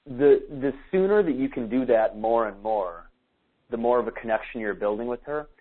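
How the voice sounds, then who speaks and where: On a podcast, a man coaching listeners on dating chats casually, peppering his speech with "like" and acting out example dialogues. His mid-range voice moves at a moderate pace, and the audio is narrow and tinny.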